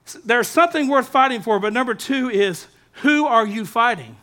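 A man delivers a sermon as pastor, talking straight to his congregation. His voice sits very high with a bright, forceful edge. He is lively, mixing jokes and asides into the preaching. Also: moderate pace.

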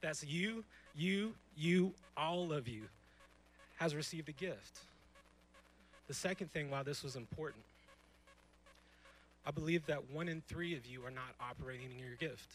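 A man's voice: a little high, unhurried, pauses often, a little hiss or hum, low-quality recording. A young man in his twenties preaching a sermon on a church stage, emphatic and conversational, full of rhetorical questions. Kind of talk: youth sermon.

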